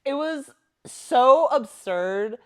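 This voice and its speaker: A woman's voice: sits high, lively intonation, drawn-out words, a bit bright. A woman co-hosting a podcast in casual chat, chiming in easily and laughing along. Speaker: podcast co-host.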